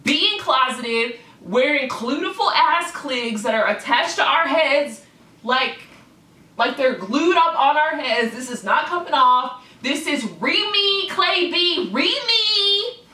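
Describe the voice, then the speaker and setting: Woman vlogger, heated sweary rant to camera; sharp bright voice, echoey room. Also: sits high, slow, recorded from a distance. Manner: swaps words for cl- puns. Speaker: clown-persona vlogger. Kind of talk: ranting vlog to camera. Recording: echoey room, away from the mic.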